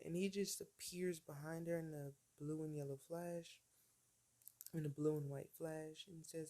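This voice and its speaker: A man telling a story off the cuff, with a mellow, dark tone. He wanders, says "like" a lot and corrects himself as he goes. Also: fairly high pitch, fairly even intonation, a little slow. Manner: rambling, full of "like" and self-corrections. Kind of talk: casual fan-fiction retelling.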